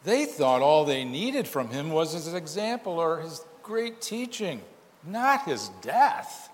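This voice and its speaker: A pastor delivering a sermon, his somewhat high voice rising and falling with lively swings as he presses his points with emphatic rhetorical questions. His words ring out with a long reverb, as in a large church sanctuary. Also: a little slow.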